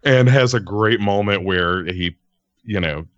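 A man's voice: fairly low pitch, a little slow, no echo, muffled recording. A man co-hosting a podcast, talking casually and rambling, laughing easily and swearing now and then. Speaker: podcast co-host. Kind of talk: casual chat.

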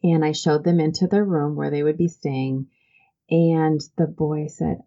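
Low-voiced earnest woman telling stories. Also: fairly even intonation, moderate pace, creaky, dark tone, muffled recording. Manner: earnest and heartfelt, many "um"s and restarts. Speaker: interview guest, church volunteer program founder. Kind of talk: conversational interview storytelling.

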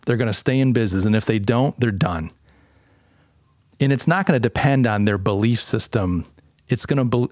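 A man's voice: medium pitch, a little mellow, dry recording, clean studio sound. A man hosting a podcast in an emphatic opinion monologue, firing off strings of rhetorical questions. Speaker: podcast host.

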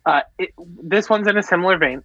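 A man's voice: high-pitched, quick pace, bright, forceful tone, no echo. Laid-back guy on a dull lo-fi mic. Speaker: podcast co-host. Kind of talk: casual chat.

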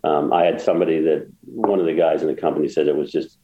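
A man's voice: very deep voice, fast talker, mellow, roomy sound, lo-fi sound. A man guest telling a story in a casual interview, rambling with many restarts and getting emotional. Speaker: guest, golf course builder.

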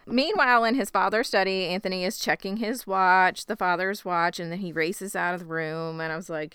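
A woman casually recapping a TV episode on a podcast, animated and joking as she acts out lines. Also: on the low side, normal speed, hardly any pauses, clean tone, dry recording, clean studio sound. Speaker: podcast co-host recapping a TV show. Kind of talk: casual chat.

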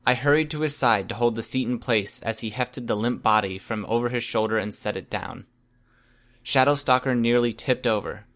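A man narrating a first-person story in a steady, even reading voice. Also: medium pitch. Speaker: audiobook reader.

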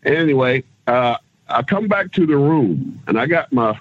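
Husky-voiced man telling stories over a tinny phone line. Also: medium pitch, a little slow, no room sound. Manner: animated storyteller, acts out others' lines, casual swearing. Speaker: guest, former pro wrestler. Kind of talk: casual storytelling interview.

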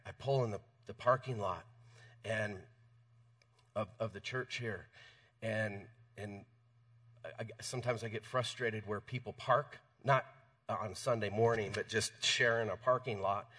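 A man's voice: medium pitch, a bit bright, far from the mic. A man preaching a sermon in a church, conversational, stumbling over repeated words. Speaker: pastor. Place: church sanctuary.

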